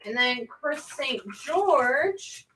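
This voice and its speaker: Bright woman calling claims from off-mic. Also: sits high, expressive, drawn-out words, distant mic, slight background noise, low-quality recording. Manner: matter-of-fact relaying of buyers' claims. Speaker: co-host reading out claims. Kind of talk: casual chat.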